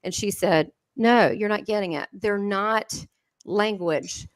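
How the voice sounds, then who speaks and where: A woman with a Southern American accent telling stories in an interview, lively and laughing often, with many restarts. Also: mid-range voice, slow, dry recording. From southern United States. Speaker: guest medium. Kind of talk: animated storytelling in an interview.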